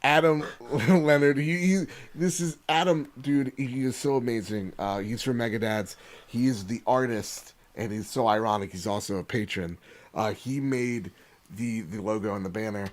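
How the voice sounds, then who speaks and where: A man hosting a casual podcast over a video call, excitable and swearing as he rattles off thank-yous. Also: medium pitch, normal speed. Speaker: podcast host.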